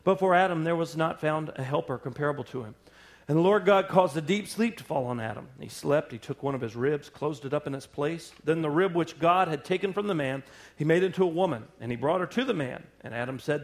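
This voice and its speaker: High-voiced pastor preaching with call-and-response. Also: male voice, brisk. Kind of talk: sermon.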